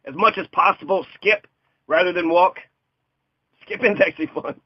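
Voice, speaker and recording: Young man, comic list reading, jokey riffing, higher voice, dull lo-fi dry sound. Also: moderate pace, no echo. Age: young adult. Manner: joking, riffing, laughs often.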